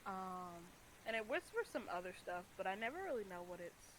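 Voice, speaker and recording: Casual female player, mid-pitched, rambling and playful, with light hiss behind her. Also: sing-song, brisk, fairly bright tone, rough recording. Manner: rambling, playful, full of fillers. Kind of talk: casual tabletop play.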